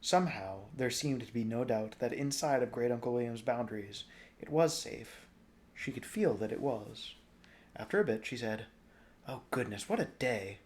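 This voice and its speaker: A young adult man reading a novel aloud in a relaxed, informal way. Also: medium pitch, normal speed. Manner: relaxed, informal, jokes at stumbles. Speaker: storybook reader.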